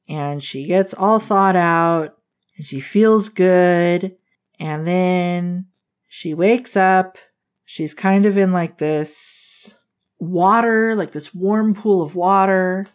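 A woman hosting a book podcast, recapping a plot in a casual, animated way and laughing often. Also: fairly low pitch.

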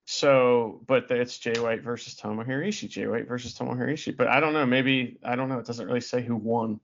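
A man's voice: medium pitch, fairly even intonation, brisk, gravelly, muffled recording, a little hiss or hum. A man co-hosting a casual podcast chat, rambling and playful, often stopping to ask questions. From United States. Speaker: podcast co-host.

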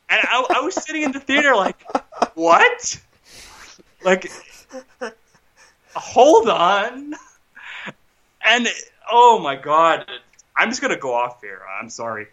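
Male podcast co-host, agitated ranter, bright edge, muffled home-recorded sound. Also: sits high, big pitch swings, moderate pace. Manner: agitated, restarts, rhetorical "right?". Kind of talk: casual film rant.

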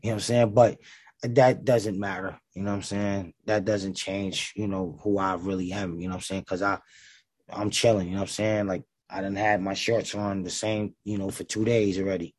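A man with a gravelly voice, a rapper talking in a casual interview, laid-back and full of slang and fillers. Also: deep voice, flat delivery, normal speed, a little mellow, no room sound.

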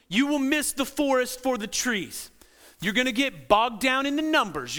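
High-voiced man preaching in a hall. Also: sharp tone. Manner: conversational, joking asides to the congregation. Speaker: pastor. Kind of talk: sermon. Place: large church hall. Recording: reverberant church sanctuary.

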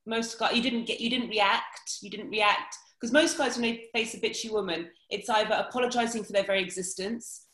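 A woman's voice: mid-range voice, steady tone, a little fast, hardly any pauses, fairly bright tone, roomy sound, poor audio. A woman working as a dating coach, talking animatedly in a casual podcast conversation.

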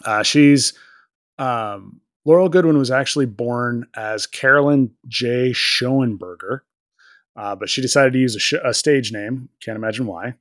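A man's voice: mid-range voice, measured pace, a bit bright, no room sound, clean studio sound. A man co-hosting a podcast, recapping an episode in casual chat, rambling and joking with plenty of fillers. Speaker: podcast co-host.

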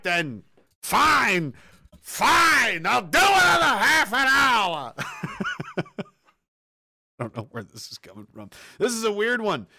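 A man hosting a livestream, ranting casually with lots of swearing and sudden loud outbursts. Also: medium pitch, no room sound, clean studio sound. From partly Nova Scotia, Canada. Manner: rambling, profane, animated, bursts into shouts. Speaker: livestream host. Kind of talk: casual profane livestream rant.

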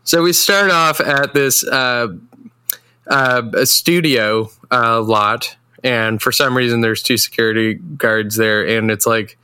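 A man's voice: medium pitch, a little slow, bright, forceful tone, smooth, no echo. Laughing man recapping a movie. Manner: rambling, laughing, acts out lines in voices. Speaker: podcast co-host. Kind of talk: casual movie recap chat.

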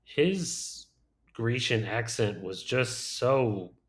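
A man's voice: mid-range voice, lively intonation, drawn-out words. Rambling man chatting about movies. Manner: rambling, full of "like" and "um", laughs often. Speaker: podcast co-host. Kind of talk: casual chat reviewing movies.

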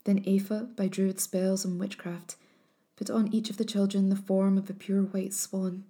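A woman narrating an old legend in a measured, solemn storytelling style. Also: medium pitch, level tone, warm tone.

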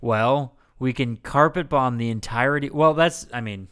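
Podcast co-host, man, smooth resonant voice, dry sarcastic rambler, hiccuping. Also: mid-range voice, moderate pace, fairly bright tone. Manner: sarcastic, rambling with many fillers. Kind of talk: casual comedic podcast chat.

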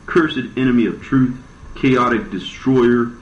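A man's voice: medium pitch, steady tone, measured pace, close to an everyday voice. A man voicing a stern young son rebuking a beast in a storybook reading, commanding, in a roomy, dull recording.

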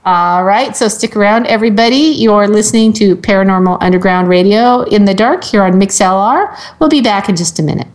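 A woman's voice: medium pitch, fairly quick, few pauses. A woman co-hosting a radio talk show, teasing and dry in her remarks. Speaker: radio co-host. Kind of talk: casual radio chat.

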